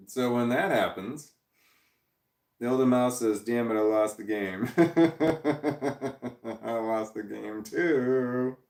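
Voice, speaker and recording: A man's voice: medium pitch, takes it slowly, creaky, long pauses. Rambling man live-streaming in an echoey room. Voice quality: voice cracks when tired. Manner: rambling, reads chat messages aloud and laughs often. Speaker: live-stream host reading chat. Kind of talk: casual live-stream chat. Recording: echoey room, distant from the mic.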